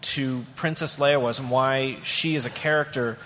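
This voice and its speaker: A man's voice: medium pitch, fairly even intonation, moderate pace, a bit bright, a little hiss or hum. Man host moderating, thoughtful and wry, mid voice, reverberant hall. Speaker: podcast host, panel moderator. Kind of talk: moderating a panel. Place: convention panel room. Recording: long hall reverb, faint ambience.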